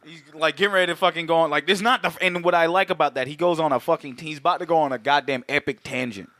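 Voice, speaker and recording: Podcast co-host, loose swearing movie recap, breaks into quick character voices, higher male pitch, dry close mic. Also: steady tone, bright, forceful tone, no echo. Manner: profane, laughing, acts out characters in quick bits. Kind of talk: casual chat, movie recap.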